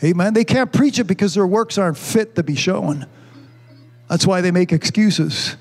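A man's voice: high voice, moderate pace, soft background music. A man preaching a sermon with fervor, often saying amen and hallelujah and calling on the congregation to answer him. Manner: fervent, repeats amen and hallelujah; calls for congregation responses.

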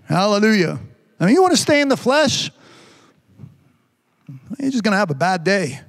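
High-voiced preacher man in a reverberant hall. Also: sing-song, creaky. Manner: preaching with drawn-out scripture reading and frequent amens. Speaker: pastor. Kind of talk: sermon.

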